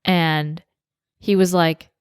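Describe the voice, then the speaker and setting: A woman co-hosting a podcast in casual chat, with a fairly low voice. She tells a story and acts out both sides of it. The sound is dry and close. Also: steady tone, slow, clear, resonant tone, no room sound. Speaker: podcast co-host.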